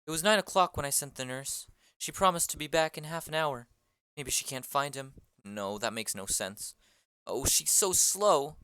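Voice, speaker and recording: An impatient young girl in love, put on by a reader in an amateur play reading. The voice is bright and clear, pleading and pressing with question after question. It is recorded dry and close. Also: medium pitch, animated, moderate pace, dry recording. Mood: longing.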